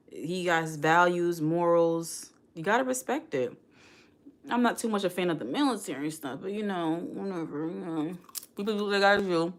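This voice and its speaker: Chatty woman streamer with a lowish voice. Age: around 40. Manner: chatty, addresses the chat directly, reads comments aloud. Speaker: live stream host. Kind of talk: casual live stream reaction chat.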